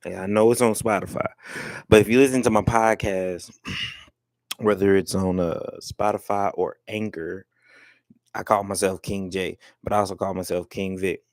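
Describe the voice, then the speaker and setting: A young man hosts his own live stream through a headset mic, chatting loosely, joking and swearing plenty. His low voice stays steady at a moderate pace, with no room sound.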